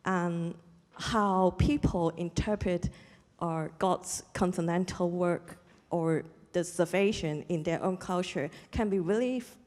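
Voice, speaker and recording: A woman's voice: on the low side, slow pace, a little mellow. A woman asking a question at a lecture, speaking hesitantly with many fillers. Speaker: audience questioner, church historian. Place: lecture hall. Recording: reverberant lecture hall.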